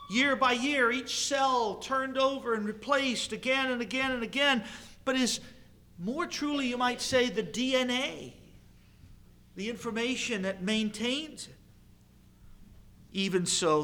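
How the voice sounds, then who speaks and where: Male pastor, higher voice, unhurried emphatic sermon delivery. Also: sharp tone. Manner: measured, emphatic preaching with pauses and repetition.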